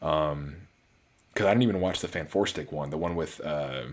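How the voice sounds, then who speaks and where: A man's voice: a bass voice, normal speed. A man giving a casual solo movie review, rambling with many restarts and fillers. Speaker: film reviewer.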